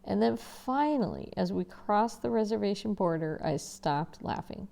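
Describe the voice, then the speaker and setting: Expressive woman reading aloud, gravelly voice. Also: mid-range voice, moderate pace. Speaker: teacher reading a novel aloud. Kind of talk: reading a novel aloud with asides.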